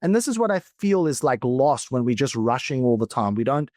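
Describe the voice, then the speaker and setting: A man from South Africa, a philosophical coach, talking as a podcast guest in a thoughtful, reflective way that often slows down and stretches words. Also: medium pitch, very animated, a little mellow, no room sound, studio quality. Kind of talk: reflective conversational talk.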